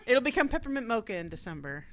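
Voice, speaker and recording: A woman's voice: fairly high pitch, sing-song, quick pace, a crowd in the background. A woman co-hosting a casual chat, blunt, profane and joking. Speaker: podcast co-host.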